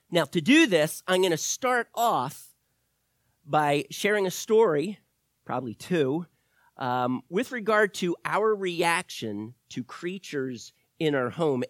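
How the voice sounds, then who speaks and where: A male pastor preaches to his congregation in a slightly high voice, telling stories with lively acted-out quotes. The sound is close and dry, with no room echo. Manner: storytelling with animated quoted voices, rising and loud at peaks. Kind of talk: sermon.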